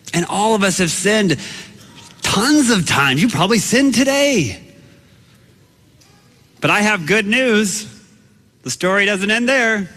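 A man preaching a storytelling sermon, animated and acting out his own shouts. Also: high-pitched, big-room sound.

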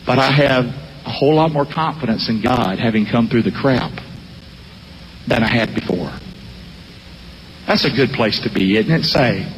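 Animated preacher in a reverberant hall. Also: male voice, mid-range voice, normal speed, pauses often, a little hiss or hum. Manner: animated, call-and-response with congregation. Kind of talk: sermon.

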